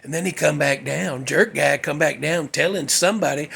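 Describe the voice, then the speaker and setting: A man hosts his own show with a casual storytelling monologue. His voice sits high and has a husky, gravelly grain. He talks in a folksy, salty way and gets worked up as he goes. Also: normal speed, sharp tone. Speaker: host.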